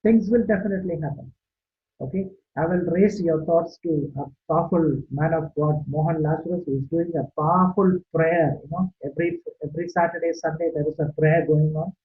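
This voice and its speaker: High-voiced man preaching over tinny call. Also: steady tone, brisk. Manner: emphatic, keeps asking "right?" and "okay?". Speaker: Christian speaker. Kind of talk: online sermon talk. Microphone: video call. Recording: tinny video-call audio, faint hiss.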